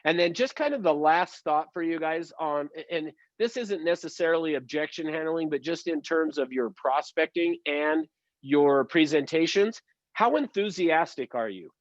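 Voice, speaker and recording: A man's voice: a little high, animated, moderate pace, no echo, highs cut off. A man giving an online sales training session, speaking in an upbeat, emphatic coaching tone. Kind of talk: motivational online training talk.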